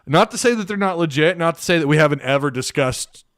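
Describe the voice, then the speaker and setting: A man's voice: on the high side, animated, fast talker, a bit bright, no echo. A man hosting a casual sports live stream, reading out viewer comments, joking and laughing as he talks. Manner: laughing, joking, thinking aloud.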